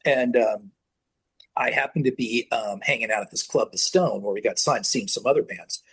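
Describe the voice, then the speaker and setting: A middle-aged man from the Bay Area tells lively stories from his band days as an interview guest, slipping into other people's voices as he quotes them. His voice is husky and medium-pitched, and his delivery is loose and conversational. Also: normal speed. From San Francisco Bay Area. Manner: animated anecdotes, acts out quoted voices, laughs often. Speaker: guest musician. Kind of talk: casual storytelling interview.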